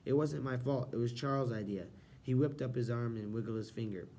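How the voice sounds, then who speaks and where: A man's voice: mid-range voice, brisk, mellow, slight background noise, lightly acted. A man doing a whiny, sputtering schoolboy. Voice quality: sputtering, whining. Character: whiny, panicky boy caught cheating.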